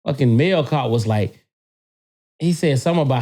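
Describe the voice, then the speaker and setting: Man, casual podcast storytelling, animated and profane, stumbling repeats, dark mellow voice. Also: mid-range voice, fairly quick, long pauses. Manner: animated, profane, repeats words when excited.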